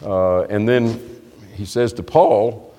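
A man's voice: on the low side, steady tone, takes it slowly, mellow. Man preaching in a reverberant church. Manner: conversational, explanatory, with frequent restarts. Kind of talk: sermon. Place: church hall. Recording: long reverb of a church hall.

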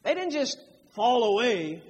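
A man's voice: very high-pitched, big pitch swings, a little slow, slightly rough, muffled recording. A man preaching a sermon, emphatic, drawing out key phrases to stress them. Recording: long hall reverb.

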